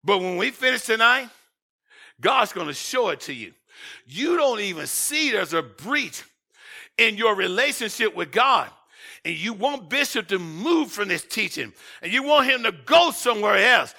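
A man preaching a sermon as pastor, swinging between shouted lines and quiet asides. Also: high-pitched, big pitch swings, unhurried.

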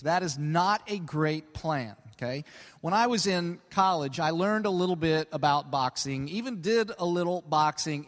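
Casual male pastor, sermon in a large hall with long reverb, animated, keeps saying "okay?". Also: high-pitched. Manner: conversational, peppered with 'okay?'; animated, stretches key words for emphasis.

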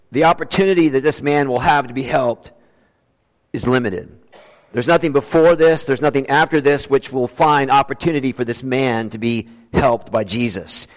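A man preaching a sermon as pastor in an earnest, conversational way. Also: mid-range voice. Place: church sanctuary. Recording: long reverb of a large church.

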